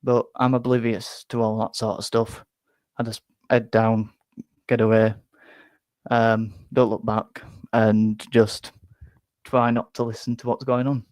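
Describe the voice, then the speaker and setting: Young man, football fan live-stream chat, rambling and stumbling over words, middle pitch, dry close sound. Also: level tone, measured pace, darkish tone, dry recording. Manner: rambling, self-interrupting, repeats words. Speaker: fan channel host. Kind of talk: casual live-stream chat reading viewer comments.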